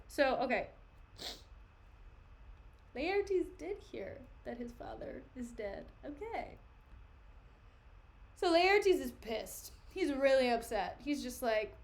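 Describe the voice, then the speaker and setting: A woman's voice: high-pitched, sing-song, slow, pauses often. A young woman streaming a play reading, joking in chatty asides between the lines. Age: young adult. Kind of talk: casual dramatic reading with commentary.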